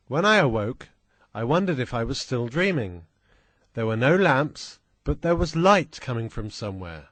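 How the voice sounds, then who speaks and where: A man reading a first-person adventure story aloud in a slow, deliberate, plain manner. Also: mid-range voice, dry recording. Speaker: audiobook reader.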